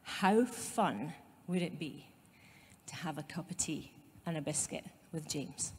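A woman's voice: low voice, darkish tone, long reverb tail, slight background noise. A woman pastor with a Scottish accent giving a conversational sermon, with asides to her congregation. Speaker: site pastor. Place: church.

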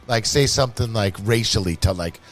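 A man's voice: on the low side, fairly quick, faint music behind. A man talking casually and profanely, telling stories with lots of "you know what I mean" and acted-out quotes, as a regular of the show. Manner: profane, rambling, animated storytelling with acted quotes. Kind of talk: casual chat.

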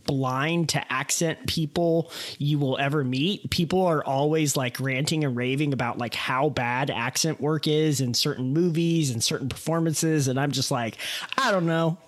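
Halting man stammering through a film opinion. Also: fairly high pitch, fairly even intonation. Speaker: podcast co-host. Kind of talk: casual film chat.

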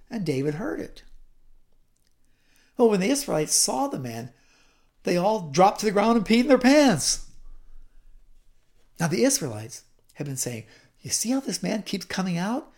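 A woman's voice: fairly low pitch, darkish tone. A woman retelling a Bible story in a chatty teaching style, with asides and repeated words.

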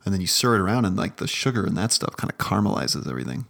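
A man's voice: low-pitched, very animated, very fast, gravelly, fairly bright tone. A man co-hosting a podcast in casual chat, trading dry wisecracks. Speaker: podcast co-host.

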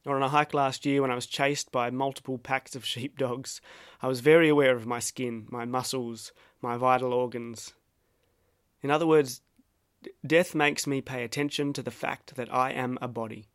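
A man with an Australian accent narrating a reflective personal essay in a measured, wry, self-deprecating way. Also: mid-range voice, fairly even intonation, clean tone, no echo, clean studio sound.

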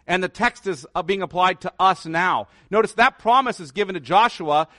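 A man's voice: high voice, normal speed, few pauses, a bit bright, dry recording, studio quality. Earnest male pastor preaching. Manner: earnest preaching, rising to emphatic declarations. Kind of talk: sermon.

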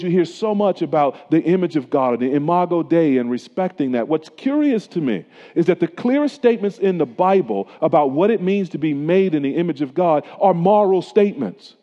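A middle-aged man preaching a sermon as a pastor, in a conversational style that weaves in personal stories. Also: high-pitched. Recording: dull lo-fi sound with long hall reverb.

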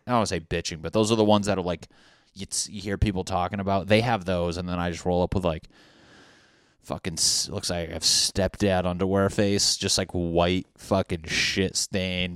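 A man's voice: low voice, no room sound, clean studio sound. A young man hosting a podcast, ranting casually in a rambling, profane, self-mocking way. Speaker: podcast host. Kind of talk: casual comedic rant.

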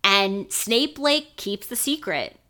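A young woman co-hosting a podcast chats animatedly about a book, full of fillers. Her voice is bright and forward. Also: medium pitch, slow pace. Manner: chatty, animated, lots of fillers. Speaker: podcast co-host. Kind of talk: casual book discussion.

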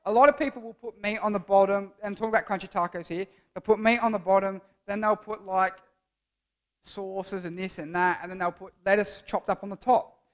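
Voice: mid-range voice, steady tone, brisk. A young adult giving a casual, jokey youth sermon as a church speaker, rambling and playful.

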